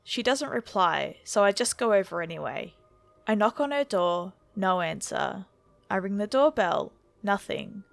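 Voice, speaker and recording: A woman narrating a horror story from a script in a steady, measured reading voice. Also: mid-range voice, vocal fry, no room sound.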